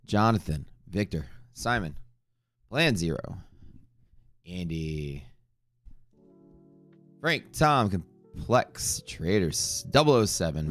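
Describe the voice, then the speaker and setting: A man hosting a casual livestream from his home streaming room, greeting viewers by name and joking as he rambles. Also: a bass voice. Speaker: livestream trading host.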